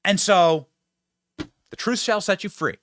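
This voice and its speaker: A man's voice: high voice, a bit bright, no room sound, studio quality. A man hosting a political commentary show, talking emphatically and straight to his audience. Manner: emphatic, fast-talking, addresses audience directly.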